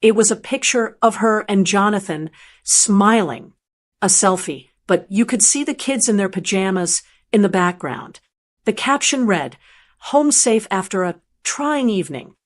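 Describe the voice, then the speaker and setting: An older woman narrating a first-person story in a calm, measured, plainspoken way. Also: mid-range voice.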